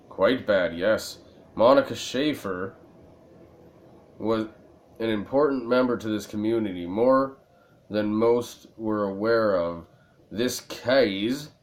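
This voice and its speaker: A man voicing a Turkish male informant in a video game who speaks low, hushed and slow.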